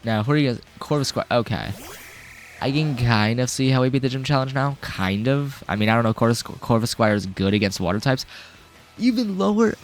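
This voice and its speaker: A man's voice: medium pitch, fairly quick, faint music behind. A man giving casual, rambling commentary while he plays through a game. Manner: rambling, chatty, self-correcting. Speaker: game walkthrough host.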